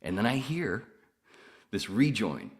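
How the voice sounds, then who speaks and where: In a casual storytelling chat, a man hosting a podcast rambles through long, profane tales. His voice is lowish and very animated, and he takes his time.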